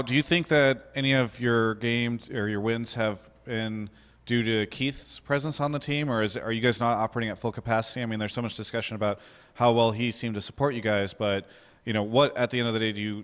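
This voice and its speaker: Smooth-voiced male interviewer in a hall. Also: fairly low pitch, steady tone, a little fast, a bit bright. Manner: articulate, conversational. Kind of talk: post-match interview questions.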